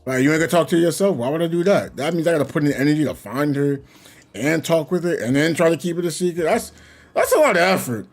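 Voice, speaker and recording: A man's voice: on the high side, lively intonation, fast. A young man chatting casually to his viewers while gaming, laughing constantly and rambling between bursts of giggles. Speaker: gaming streamer.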